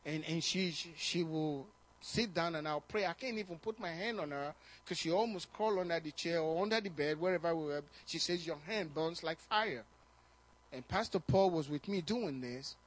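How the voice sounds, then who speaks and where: A man pastor preaching a sermon, telling personal stories in an animated way, often repeating words and rising in excitement. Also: fairly high pitch, normal speed.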